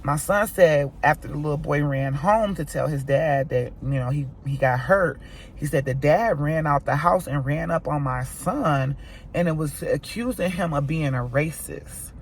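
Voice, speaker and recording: An American mom vlogger tells a story straight to her viewers. She talks in an animated, emphatic way. A faint ambient hum runs underneath. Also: sits low, moderate pace. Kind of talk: storytime vlog.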